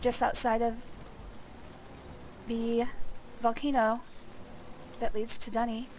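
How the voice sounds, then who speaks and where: A woman streamer with a gravelly, phlegmy voice, chatting casually and explaining as she plays a game. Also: on the high side, slow pace. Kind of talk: casual let's-play commentary. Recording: clear steady background noise.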